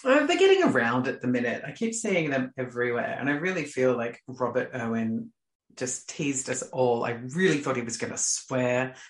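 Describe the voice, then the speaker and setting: A man's voice: medium pitch, sing-song, normal speed, reverberant. A man co-hosting a podcast in casual chat, teasing and joking in a camp way. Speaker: podcast co-host.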